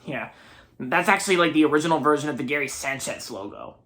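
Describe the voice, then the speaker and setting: A man's voice: fairly high pitch, expressive, fast, a bit bright. A young man in his early twenties from Maryland, giving a rambling, casual movie review and often repeating himself. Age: early 20s.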